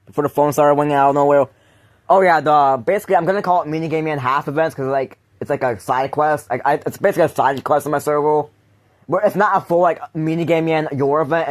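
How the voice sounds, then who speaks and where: A man hosting a casual podcast chat, rambling with frequent laughs and restarted sentences. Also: on the high side. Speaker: podcast host.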